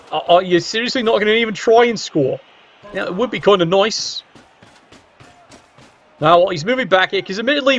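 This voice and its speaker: A man giving casual, wry commentary on a video game match and teasing the players. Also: sits high. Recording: dull lo-fi recording.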